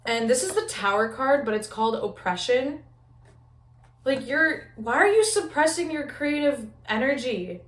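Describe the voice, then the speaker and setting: A young woman giving a casual pick-a-card tarot reading, talking fast and loose with lots of "like" and casual swearing. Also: high voice, lively intonation. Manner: chatty, frequent "like", swears casually. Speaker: tarot reader. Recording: echoey room.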